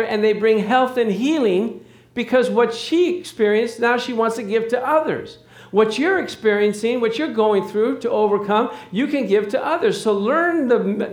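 A man's voice: high voice, echoey room. A man preaching a sermon to a congregation, telling stories and acting out the dialogue, building up to emphatic points. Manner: storytelling with acted dialogue, rising emphasis. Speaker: pastor.

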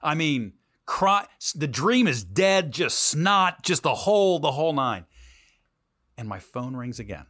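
A middle-aged man, a TV news anchor, telling a story from his career in an animated interview voice that swings between loud and quiet. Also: on the high side, unhurried, no room sound, studio quality.

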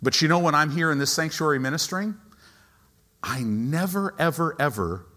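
Animated preacher with a lively voice. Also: male voice, on the high side, moderate pace. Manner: animated, dramatic shifts between hushed and shouted. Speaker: pastor. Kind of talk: sermon. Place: church sanctuary.

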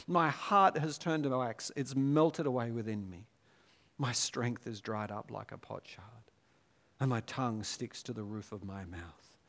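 A man delivering a sermon with a slightly high-pitched voice. He drops to hushed, slow phrases and rises into intense, forceful scripture readings. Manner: dramatic, swinging between hushed low passages and raised intense readings. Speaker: preacher.

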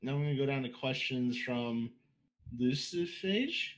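An American man hosting a casual podcast, animated and given to loud bursts of laughter. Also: medium pitch, a little slow. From United States. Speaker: podcast host. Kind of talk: casual chat.

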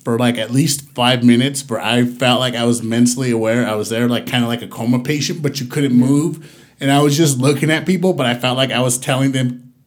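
A young man telling a long story in casual, profane chat, rambling and loudly acting out the quotes. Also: mid-range voice, steady tone, a little fast.

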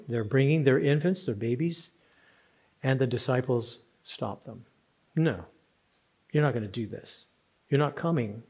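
A man's voice: mid-range voice, darkish tone. A man preaching a sermon, earnest and rising to strong emphasis on key words. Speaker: pastor.

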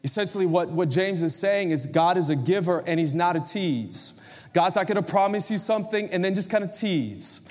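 Man, 40s, pastor, lively conversational preaching, slightly high voice, church hall reverb. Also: moderate pace. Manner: conversational, energetic preaching with audience prompts. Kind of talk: sermon. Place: church sanctuary.

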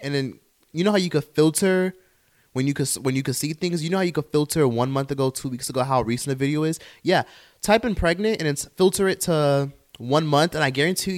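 A young man hosting his own podcast, ranting profanely and animatedly, sliding into mocking voices when he quotes others. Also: a little high. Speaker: podcast host. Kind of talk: solo podcast rant.

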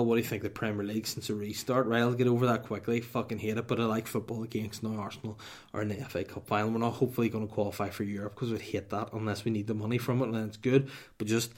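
A man's voice: on the low side, a little mellow. A married Northern Irish man hosting a podcast, chatting casually through listener questions with crude, mock-boastful rambling. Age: adult, married. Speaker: podcast host.

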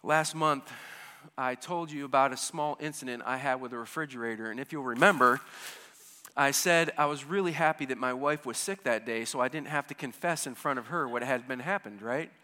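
A man in his fifties telling a humorous personal story, swinging between hushed asides and loud excited bursts. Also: mid-range voice, brisk. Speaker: storyteller speaking to an audience. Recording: hall with long reverb.

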